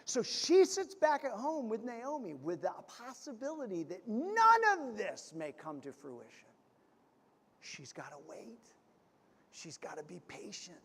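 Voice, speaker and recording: A man preaching a sermon as pastor, telling stories and swinging from loud to hushed. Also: high-pitched, huge pitch swings, a little slow, a little hiss or hum. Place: church sanctuary. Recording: reverberant church hall.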